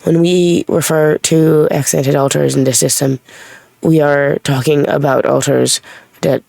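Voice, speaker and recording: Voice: mid-range voice, creaky, a little mellow, no room sound. A vlogger with a light Irish-tinged accent, talking casually to camera in a rambling, blunt way that corrects itself as it goes. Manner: rambling, self-correcting, blunt with a bit of swearing. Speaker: vlogger speaking as an alter named Reese. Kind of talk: casual unscripted talk to camera.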